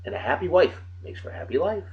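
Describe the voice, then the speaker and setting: Forty-something guy doing a beer review vlog, loud jokey banter, voice kinda high, muffled lo-fi sound. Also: lively intonation, quick pace. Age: 40s. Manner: loud, joking, exclamatory banter.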